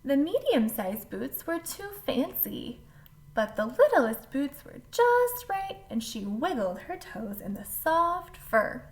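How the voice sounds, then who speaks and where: Woman storyteller, fairly high voice, expressive picture-book read-aloud. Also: takes it slowly. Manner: animated storybook reading with asides to the listener.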